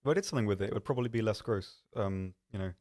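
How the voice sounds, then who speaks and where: A man's voice: on the low side, racing, darkish tone. A man hosting a live stream, chatting casually in a rambling, self-deprecating way with lots of ums. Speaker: stream host.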